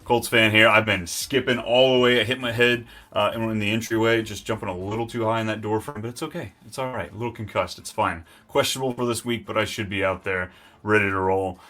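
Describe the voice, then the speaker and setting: A man hosting a live fantasy football stream, talking in an excitable, hyped and rambling way. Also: fairly low pitch, quick pace. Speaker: host.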